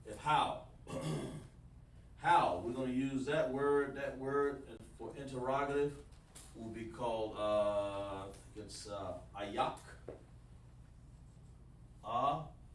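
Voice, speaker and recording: A man teaching a livestreamed language lesson, explaining slowly and repeating himself while talking to the chat. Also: mid-range voice. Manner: slow, repetitive explaining, addresses the chat. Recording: roomy, mic at a distance, faint noise.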